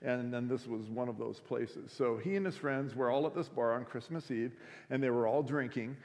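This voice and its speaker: A man's voice: mid-range voice, moderate pace, a little mellow. A man telling a story in a casual, conversational way, full of fillers, as a speaker at a school week of prayer. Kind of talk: sermon storytelling. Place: school chapel or auditorium. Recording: echoey hall.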